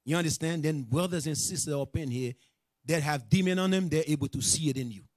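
A man preaching to a class in loose street talk, animated and joking, then scolding the listeners directly. His voice sits fairly high for a man, and the recording is close and dry. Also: a little fast, dry recording. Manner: animated, joking, scolding, with many asides to the audience. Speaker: teacher of a religious class.

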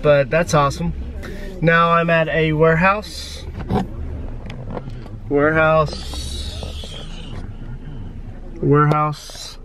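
A man's voice: a little high, fairly bright tone, slight background noise. A man chatting casually through his daily vlog, upbeat with jokey asides. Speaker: vlogger.

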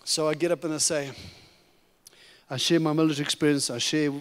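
High-voiced African man preaching in a hall. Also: fairly quick, slight background noise. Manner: animated, humorous storytelling. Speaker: guest preacher. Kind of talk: testimony sermon. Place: church sanctuary. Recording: long reverb of a church hall.

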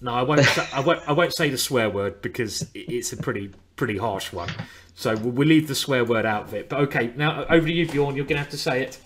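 A man's voice: mid-range voice, brisk, fairly bright tone, slight background noise. A man coaching chess on a live stream in a chatty, playful way, often repeating his words. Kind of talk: casual live-stream commentary.

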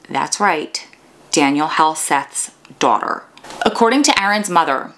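A woman with a New York accent tells a true crime story like she is chatting with friends. She keeps stepping aside from the case to joke with her viewers. Her voice sits a little low for a woman. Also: a bit bright. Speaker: true crime podcast host.

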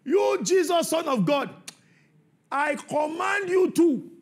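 A man voicing an insolent male unclean spirit that shouts back a mocking retort. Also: extremely high pitch, lively intonation, slow, voice pushed up, full character voice. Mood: defiant.

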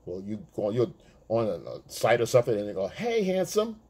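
A man's voice: on the low side, a little fast, a little mellow, husky. A man talking as a dating coach to other men, blunt and streetwise, swearing freely and acting out chat messages. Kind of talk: casual monologue to male viewers.

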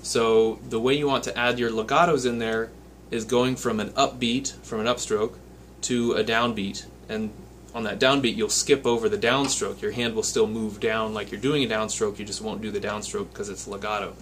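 A guitar teacher with a lowish voice gives a patient, step-by-step lesson, counting his picking strokes out loud as he plays. His intonation stays fairly even and his pace is moderate with few pauses. His own guitar rings loudly behind him, with slight background noise.

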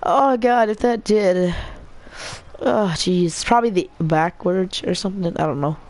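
A woman giving casual commentary while playing a video game, excitable, often squealing and laughing at the screen. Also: fairly low pitch, a little slow. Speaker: gamer.

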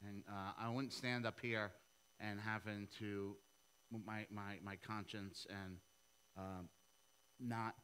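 A middle-aged man, preaching a sermon and telling a story, acting out the dialogue with lively voices. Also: on the low side, a little slow, slight background noise, rough recording. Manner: animated storytelling, acts out dialogue in a raised voice. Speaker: pastor.

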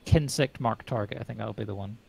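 A man's voice: on the low side, brisk, vocal fry, a little hiss or hum. A man streaming a game, casually explaining mechanics to a friend and laughing easily. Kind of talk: casual gameplay chat.

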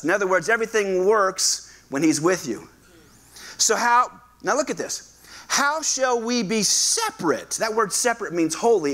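Animated pastor with a bright voice. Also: male voice, high-pitched. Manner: animated, acts out quoted voices, asks the congregation to respond. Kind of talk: sermon. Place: church sanctuary.

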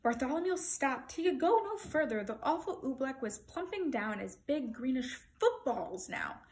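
A woman reading a children's picture book aloud in an expressive, animated storytelling manner. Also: high voice, normal speed.

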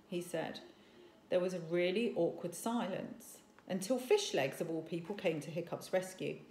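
A woman teacher reading a story aloud to children, animated, and stopping to ask questions. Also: lowish voice, moderate pace. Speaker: primary school teacher. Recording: echoey room.

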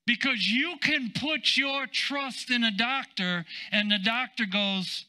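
High, forceful man preaching a sermon. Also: slow, hardly any pauses. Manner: conversational with asides, building to emphatic declarations. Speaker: senior pastor.

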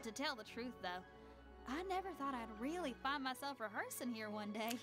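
A woman's voice: sits high, lively intonation, a little fast, music in the background. A woman voicing a confident young rock performer in a game who talks in an easygoing, breezy way.

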